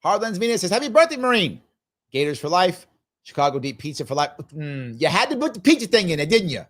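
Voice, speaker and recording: A man's voice: on the high side, very animated, fast, a bit bright. A man in his fifties hosting a live stream, reading viewer comments aloud and answering them in a casual, musing way, often repeating his phrases. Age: 50s. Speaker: show host.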